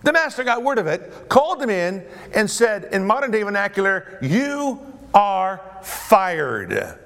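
Animated high-voiced male preacher. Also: a little fast. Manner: animated, asks the audience questions. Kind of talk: sermon.

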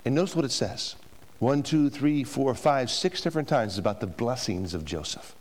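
A man's voice: mid-range voice, expressive, normal speed, a little mellow. A man preaching a sermon to a congregation, emphatic, with rhetorical questions to the room. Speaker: pastor. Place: church before a congregation.

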